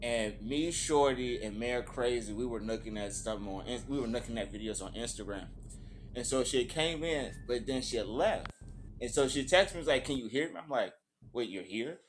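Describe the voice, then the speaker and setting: A man from the United States hosts a chat show, telling stories in an easygoing way and laughing often. His voice sits at a middling pitch, with faint noise behind it. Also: normal speed. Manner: relaxed storytelling, laughs often. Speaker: host. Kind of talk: casual chat.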